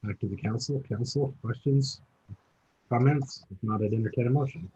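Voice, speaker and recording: A man's voice: mid-range voice, moderate pace, dark tone, husky, muffled recording. A man chairing a city council meeting as mayor, calling votes and reading agenda items in a procedural way. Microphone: video call.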